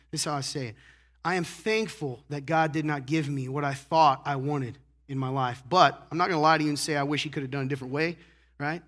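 A male pastor delivering a sermon in a church, with a slightly high voice and a chatty, direct way of talking. He keeps checking in with the crowd and moves from soft, confiding asides to loud, pressing emphasis. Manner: conversational preaching, frequent "right?", swings from quiet to loud. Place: church sanctuary.

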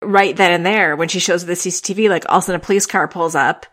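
A woman hosting a podcast, chatting casually and retelling scenes in a rambling, excited way. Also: lowish voice, fast talker. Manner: chatty, with frequent fillers and restarts, retelling scenes. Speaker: podcast host. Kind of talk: casual chat about TV dramas.

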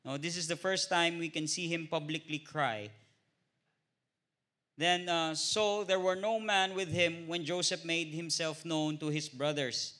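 A man with a Filipino accent giving an informal Bible study, often pausing on "uh" and ending points with a questioning "no?". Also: a little high, fairly even intonation, pushed and bright. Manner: hesitant, many filler "uh"s and tag "no?".

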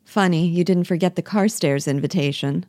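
A woman's voice: on the low side, normal speed, warm tone, no echo, studio quality, close to an everyday voice. A woman reading the part of a bitter, jealous young wife who pleads with her lover and mocks her husband. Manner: reproachful, cutting, pleading. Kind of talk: play reading.

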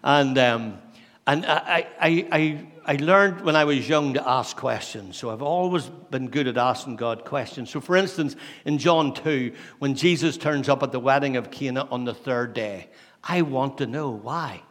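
A man preaching a sermon, asking many questions and dropping from loud to hushed. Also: medium pitch, normal speed. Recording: long hall reverb.

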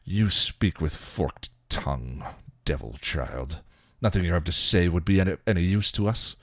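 A man's voice: deep voice, normal speed, a bit bright, no room sound, clean studio sound. A man voicing an elderly male cleric who accuses and condemns, reading a fan story aloud. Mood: accusing. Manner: accusing, zealous.

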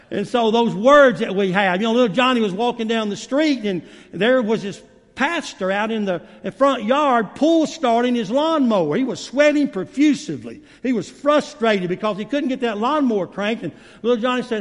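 A man's voice: very high voice, expressive, moderate pace. A man preaching a sermon as guest preacher, in a folksy way with many fillers. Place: church sanctuary. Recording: long reverb of a church hall.

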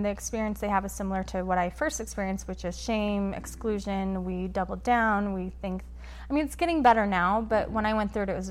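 A woman guest on a podcast, telling a personal story in a quick, animated way and acting out what others said. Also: mid-range voice. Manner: animated, quick storyteller who acts out quotes. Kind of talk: conversational storytelling interview.

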